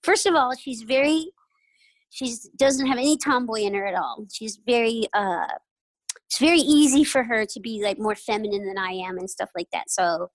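High-pitched woman rambling chattily in an interview, laughs a lot, dry recording. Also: normal speed, no echo, poor audio. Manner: chatty, full of "like" and "you know", laughs often. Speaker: interview guest. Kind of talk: casual storytelling.

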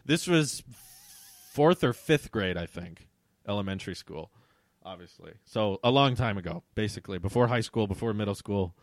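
A young man reading his old childhood book aloud and joking about it in an incredulous, animated way. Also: lowish voice, normal speed, no echo, clean studio sound. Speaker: video host.

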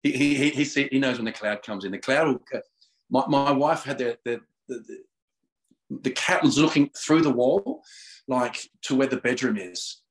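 A middle-aged man talking as a podcast guest, his voice pitched in the middle range. He moves between casual spiritual talk and fervent prayer, laughing often and repeating words in his excitement. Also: moderate pace, poor audio.

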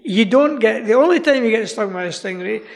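Chatty Scottish man with a gravelly voice. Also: high-pitched, lively intonation, brisk, big-room sound. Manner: chatty, rambling, laughing asides. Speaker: guest. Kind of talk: casual radio chat.

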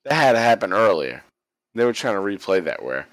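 Man, casual recap, profane, animated, dry close sound. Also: fairly low pitch, fairly quick, no echo. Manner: animated, swears constantly, acts out quotes. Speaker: wrestling recap host.

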